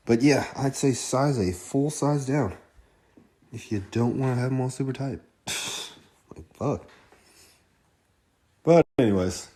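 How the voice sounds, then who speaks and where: A man's voice: medium pitch, dark tone. A man doing a casual sneaker unboxing vlog, loose and profane, with muttered asides. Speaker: sneaker vlogger.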